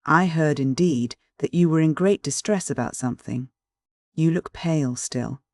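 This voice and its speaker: A man voicing a middle-aged male investigator who speaks calmly, coldly and with faint irony. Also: a little high, moderate pace, no echo, studio quality, lightly acted. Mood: cool. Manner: calm, cold, faintly ironic.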